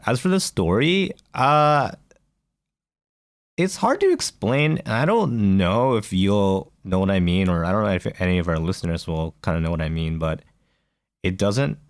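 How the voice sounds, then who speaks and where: A deep-voiced man talks casually as a podcast co-host. He rambles, fills his pauses and restarts his sentences often. The recording is dry, with no room sound. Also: lively intonation, no echo. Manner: rambling, many fillers and restarts. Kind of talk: casual chat.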